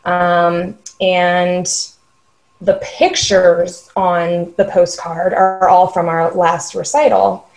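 A woman's voice: on the low side, flat delivery, very slow, darkish tone, soft background music. A woman co-hosting a podcast, a dance studio owner talking about her enrollment in an upbeat, chatty way. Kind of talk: casual podcast chat.

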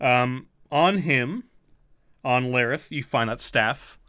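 A man's voice: mid-range voice, takes it slowly, bright, forceful tone, no room sound, clean studio sound. A man running a tabletop game as game master, rambling with fillers, swearing casually and laughing often.

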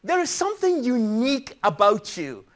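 High-voiced earnest male preacher. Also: huge pitch swings, moderate pace. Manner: earnest storytelling, emphatic. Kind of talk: sermon.

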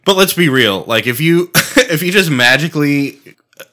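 A man's voice: a little high, expressive, normal speed, pushed and bright. A man co-hosting a casual podcast chat, rambling, swearing and laughing often. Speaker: podcast co-host.

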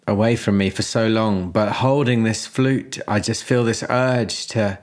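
A man playing a tabletop game, telling his character's thoughts slowly and reflectively. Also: lowish voice. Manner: slow, reflective. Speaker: player. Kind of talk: in-character role-play narration.

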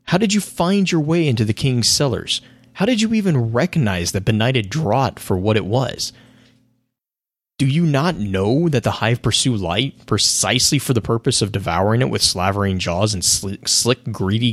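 Um feiticeiro louco e indignado, com voz rouca e áspera, lido por um homem que sobe bem acima do tom normal dele e oscila muito. Ele repreende com grandiloquência teatral, numa gravação seca e próxima. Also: male voice, mid-range voice, no room sound, voice pushed up. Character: unhinged male hive-obsessed sorcerer, scolding.

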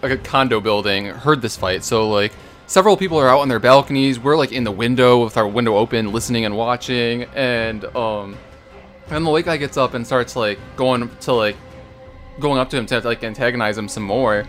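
An eager man co-hosting a podcast and jumping into a shared story. He speaks in a mid-pitched voice and stops and restarts often. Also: fairly bright tone, faint music behind. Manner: eager, halting, many fillers. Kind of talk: casual storytelling.

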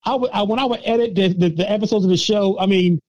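A man's voice: high-pitched, quick pace, darkish tone, dry recording, lo-fi sound. A man as a filmmaker guest on a podcast, talking casually with lots of laughs and restarts as he mocks himself. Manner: laughing, self-mocking, many restarts. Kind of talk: casual interview chat.

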